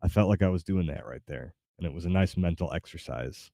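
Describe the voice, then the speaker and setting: Deep, mellow-voiced male streamer. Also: brisk, no echo, studio quality. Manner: rambling, hesitant, lots of fillers. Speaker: gaming streamer. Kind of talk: casual live-stream chat. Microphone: desk mic with webcam.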